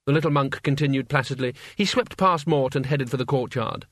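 A man narrating an audiobook in a measured, dry storytelling manner. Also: medium pitch, fairly bright tone, dry recording. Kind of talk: scripted narration.

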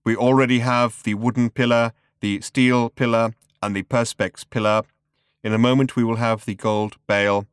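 A man voicing an ancient male robot with a cultured rasp, speaking slowly and flatly. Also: mid-range voice, no echo, studio quality, lightly acted. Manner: slow, flat, patient.

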